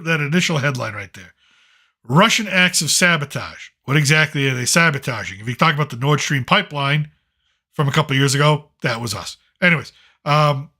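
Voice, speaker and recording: A sarcastic man rants through casual late-night commentary with a bright, forceful voice sitting a little high for a man. He talks bluntly and rambles, dropping in curses as he goes. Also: husky. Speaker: late-night show host.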